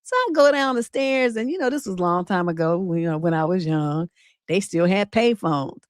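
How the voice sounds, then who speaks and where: A middle-aged woman, a relationship coach and livestream host, telling a personal story in a casual, animated way, acting out quotes with attitude and cursing freely. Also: fairly low pitch, fairly quick, no echo, clean studio sound. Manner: animated, sassy storytelling with acted-out quotes and swearing.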